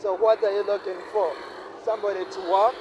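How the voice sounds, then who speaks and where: A man's voice: sits high, flat delivery, fairly quick. A Ugandan man vlogging while walking a rainy city street, musing aloud and asking himself questions over and over. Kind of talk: reflective walking vlog monologue. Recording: faint street and traffic noise.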